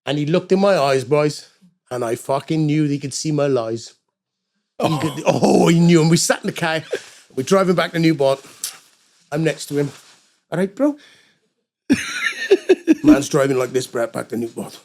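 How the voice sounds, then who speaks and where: A middle-aged man telling a story with a high, gravelly voice that swoops all over the place. He swears freely and acts out the voices of the people he quotes in a loose, casual chat. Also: lively intonation, moderate pace, long pauses, a little mellow. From Wales. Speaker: guest musician.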